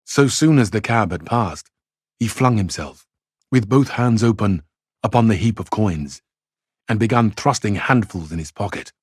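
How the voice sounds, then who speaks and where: A man's voice: on the low side, expressive, moderate pace, breathy edge, no echo, clean studio sound. A Scottish man who reads a novel aloud and explains it for exam study, talking conversationally with frequent restarts. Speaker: English literature teacher.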